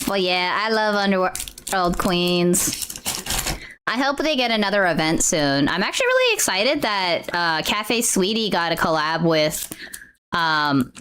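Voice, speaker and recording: Gushing, excitable woman streamer. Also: fairly low pitch, unhurried, noisy background. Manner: gushing, excitable, exclaims often. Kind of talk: casual livestream chat.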